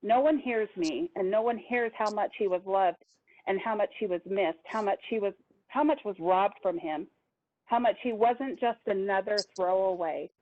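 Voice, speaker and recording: A woman's voice: mid-range voice, normal speed. A woman giving a public comment in an impassioned, pleading way. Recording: tinny phone-line audio.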